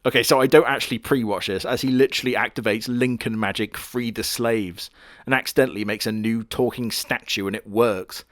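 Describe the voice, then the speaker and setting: A man's voice: mid-range voice, fairly even intonation, fast talker, hardly any pauses, a bit bright, no room sound, studio quality. Sarcastic, crude man riffing on anime. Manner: sarcastic, crude, mocking asides. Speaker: anime reviewer. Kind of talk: comedic anime commentary.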